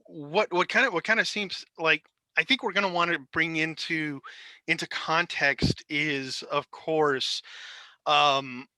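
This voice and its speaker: A man's voice: on the high side, steady tone, unhurried, bright, forceful tone, dry recording, rough recording. A man co-hosting a casual discussion podcast, talking hesitantly with many restarts. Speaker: podcast co-host.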